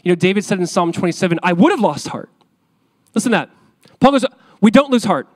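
A man in his thirties delivers a sermon as a pastor. His voice sits high for a man. He talks casually with lively energy and keeps returning to the same key phrases. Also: fast talker. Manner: conversational, animated preaching with repeated phrases.

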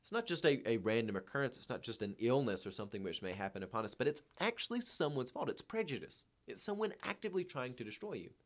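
A man's voice: medium pitch, very animated, fast talker, hardly any pauses. Earnest man reading and lecturing. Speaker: reader and commentator. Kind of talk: reading a novel aloud with commentary.

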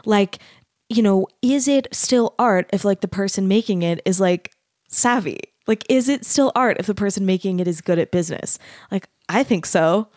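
A woman's voice: mid-range voice, moderate pace, a little mellow, no room sound, studio quality. A woman hosting her own podcast, musing aloud with open questions and lots of "like". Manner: musing, asks open questions, heavy use of "like". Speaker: podcast host. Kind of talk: casual conversation.

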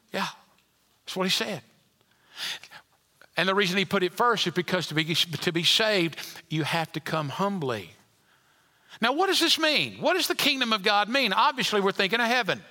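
High, bright-voiced preacher in a reverberant hall. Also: male voice. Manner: dynamic preaching, rising loud then dropping to near whisper. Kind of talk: sermon. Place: church sanctuary.

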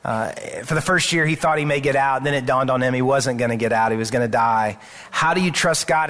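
A man's voice: fairly high pitch, a bit bright. A male pastor giving a sermon in a church, speaking in an earnest, conversational way and often restarting his sentences. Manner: earnest, conversational preaching with repeated words and restarts. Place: church sanctuary.

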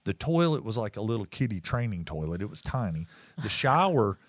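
A man's voice: on the low side, sing-song, a little fast, no room sound. A man co-hosting a podcast, telling a long story in casual chat, swearing often and laughing mid-sentence. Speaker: podcast co-host.

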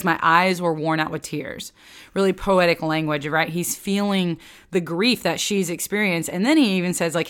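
A woman's voice: fairly low pitch, a bit bright. A woman giving a casual Bible teaching for a podcast. She talks in a chatty way, fills her speech with "like", and acts out voices when she quotes. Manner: chatty, with many filler "like"s.

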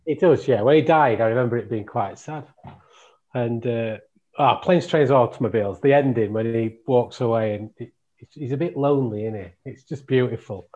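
A man's voice: medium pitch, moderate pace, a little mellow. A man guesting on a casual football podcast, laid-back and wry. His audio sounds slightly dull and lo-fi.

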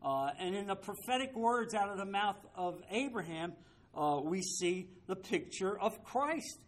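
A man with a notably high-pitched voice teaches a Bible study. He is emphatic, repeats his key points and keeps asking rhetorical questions, with the odd wry aside. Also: lively intonation, measured pace.

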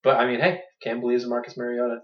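A man's voice: medium pitch, monotone, very fast, recorded from a distance. A man co-hosting a podcast, chatting casually about fantasy football, playful and laughing often. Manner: playful, laughs often, puts on mocking voices. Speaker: podcast co-host. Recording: dull lo-fi sound, a bit off-mic.

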